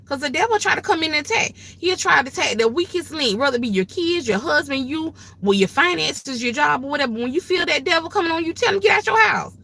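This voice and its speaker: A woman's voice: high-pitched, animated, quick pace, vocal fry, few pauses, pushed and bright. An older woman with grandchildren, hosting a livestream and giving emphatic, folksy, preachy advice in a casual way. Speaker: livestream host.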